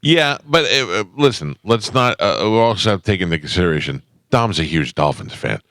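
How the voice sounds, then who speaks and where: A man hosting a radio show, joking and jumping in with quick remarks. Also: deep voice, animated, fairly bright tone, no room sound, clean studio sound. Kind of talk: casual radio studio chat. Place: radio studio. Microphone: studio microphone.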